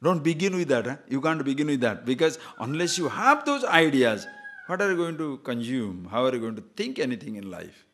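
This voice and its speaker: A man with a mid-range voice moves fairly quickly through a spiritual discourse. As a spiritual teacher, he's lively and repetitive, cracking jokes, chuckling, sharing short stories, repeating phrases, and asking listeners questions.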